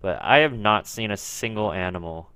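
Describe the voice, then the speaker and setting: A man's voice: on the low side, moderate pace, sharp tone, clean tone, dry recording. Young man rambling over a game. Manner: rambling, frequent swearing at lag and jumpy outbursts. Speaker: gaming video creator. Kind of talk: casual let's play commentary.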